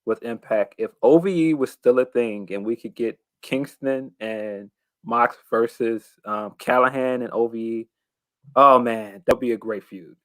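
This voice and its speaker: A man's voice: mid-range voice, unhurried, no echo. A man co-hosting a casual wrestling talk show, thoughtful and hesitant, with plenty of fillers. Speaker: podcast co-host.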